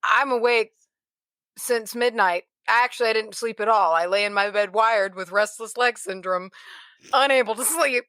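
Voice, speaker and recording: A woman's voice: on the high side, moderate pace, fairly bright tone, smooth, dry recording. Woman, podcast co-host, casual chat, wry, talkative, swears, dry close sound. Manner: wry, wired, chatty with frank swearing.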